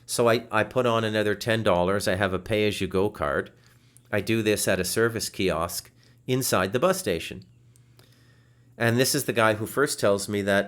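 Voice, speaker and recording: A man hosting a podcast over a video call, telling a frustrating story in a casual, animated way, swearing and restarting his sentences. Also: lowish voice, moderate pace, clean tone. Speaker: podcast host. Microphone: video call setup.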